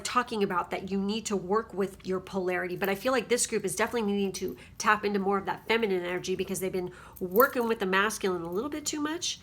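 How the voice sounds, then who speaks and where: A woman's voice: mid-range voice, a bit bright, a little hiss or hum. A woman giving a casual spiritual card reading at home, rambling and chatty and often checking in with her listeners. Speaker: tarot card reader.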